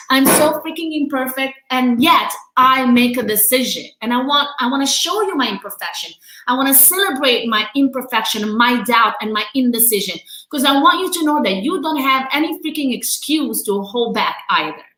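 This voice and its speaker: Her high, bright voice carries a forceful edge as she runs a motivational coaching livestream from her quarantine home. She speaks with a non-native accent, opens up emotionally and laughs frequently, though the recording is rough and echoey.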